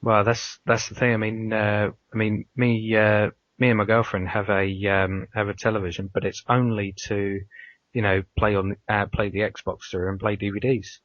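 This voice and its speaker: A man with a fairly low voice hosts a casual podcast and tells his stories slowly, stopping often on hesitant fillers. The sound is dry and close, with a dull, lo-fi quality. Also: level tone, fairly bright tone, no echo. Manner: hesitant, full of uhs, anecdotal. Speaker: podcast host.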